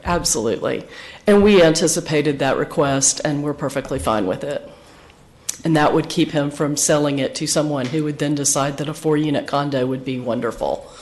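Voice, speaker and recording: Hoarse woman giving formal testimony. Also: low-pitched, normal speed, a little mellow. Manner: precise and businesslike, explains procedure step by step. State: hoarse, losing her voice. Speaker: representative for an applicant at a public hearing. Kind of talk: formal testimony at a planning meeting.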